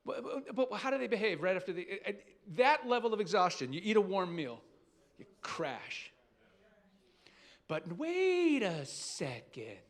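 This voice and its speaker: A man's voice: sits high, sing-song, measured pace. A man, a rabbi, preaching in a conversational, emphatic way, asking rhetorical questions and restarting sentences. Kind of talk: sermon.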